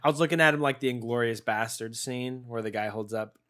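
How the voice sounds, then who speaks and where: A man's voice: mid-range voice, brisk, fairly bright tone. A young man co-hosting a snack-tasting podcast, chatting casually and joking around with frequent laughs. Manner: playful, jokey, laughs often. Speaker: podcast co-host.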